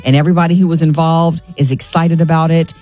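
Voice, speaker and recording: A woman's voice: low-pitched, fairly even intonation, fast, dark tone, soft background music. A woman hosting a casual entertainment news segment, chatty and enthusiastic.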